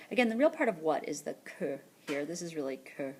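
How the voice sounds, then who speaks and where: A woman teacher narrating a screencast lesson, explaining patiently and repeating French words slowly for practice. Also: on the low side, expressive, warm tone, a little hiss or hum. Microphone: tablet or headset mic for screencast voice-over.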